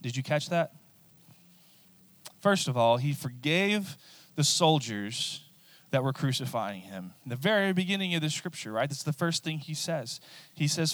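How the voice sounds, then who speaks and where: A man's voice: on the high side, animated, unhurried, fairly bright tone, no echo. A male pastor preaching a sermon in a conversational way, repeating phrases and often checking in with "right?".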